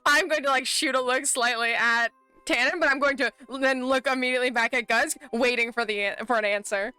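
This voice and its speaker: A woman playing a tabletop game, talking in an excitable, giggly way with quick restarts. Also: high-pitched, smooth, no room sound, soft background music. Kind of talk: casual tabletop game play.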